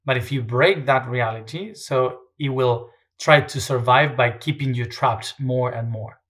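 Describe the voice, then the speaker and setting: A man's voice: medium pitch, unhurried, fairly bright tone. A man speaking as an interview guest, talking in a reflective, hesitant way with many fillers and restarts.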